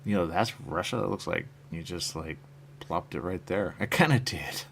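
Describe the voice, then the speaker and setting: A man with a low, gravelly voice chats loosely on his live stream, musing aloud about his comic work. He reads out viewer comments and answers them, his sentences wandering and fading off softly at the end. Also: moderate pace. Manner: musing and meandering, trailing off quietly at phrase ends. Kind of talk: rambling casual live-stream chat.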